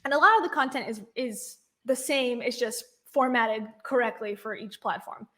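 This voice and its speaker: High-pitched woman host, doubtful, building a case point by point. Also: normal speed, a bit bright. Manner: skeptical, argumentative, lays out points. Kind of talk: commentary chat.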